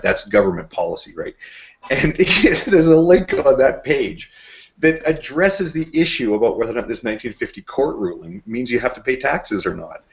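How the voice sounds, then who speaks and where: A low-voiced Canadian man hosting a casual group video chat over a dull, lo-fi call connection. He rambles, swears freely and laughs at his own jokes. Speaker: host. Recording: dull lo-fi online call audio.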